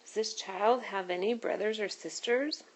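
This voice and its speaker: A woman's voice: mid-range voice, moderate pace, natural voice, poor audio. A woman voicing a caring, scolding grown woman in a read-aloud storybook. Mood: indignant. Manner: fussing and motherly.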